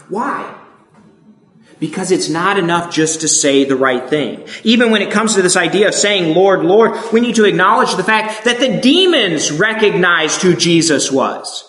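A man's voice: sits high, lively intonation, normal speed, a bit bright. A man preaching a sermon, emphatic and asking his listeners rhetorical questions. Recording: echoey room.

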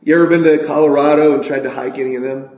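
A man from California preaching a sermon, asking the congregation questions and reciting scripture slowly. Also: on the high side, fairly even intonation, darkish tone, echoey room. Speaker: pastor.

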